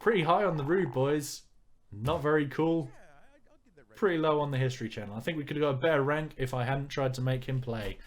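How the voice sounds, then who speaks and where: A man's voice: a little high, fairly quick. A man reading a visual novel aloud and commenting on it with dry jokes. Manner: wry, joking asides. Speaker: let's player.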